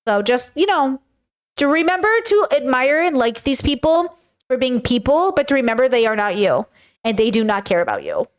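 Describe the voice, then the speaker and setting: A woman's voice: sits high, lively intonation, normal speed. An American woman talking frankly to viewers in a casual, rambling reaction commentary, now and then swearing. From United States. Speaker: commentator reacting to a reality show.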